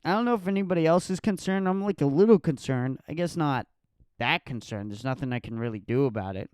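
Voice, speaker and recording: A man in his twenties doing a solo comedic podcast rant, profane and mocking, sometimes jumping into a shrill voice to mimic others. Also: quick pace, clean tone, dry recording, studio quality. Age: 20s. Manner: profane, animated, mocking falsetto impressions.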